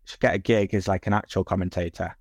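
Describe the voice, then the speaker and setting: A man's voice: low-pitched, steady tone, fast, husky, no echo. A man co-hosting a casual sports podcast with a dry, joking manner. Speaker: podcast co-host. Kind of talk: casual chat.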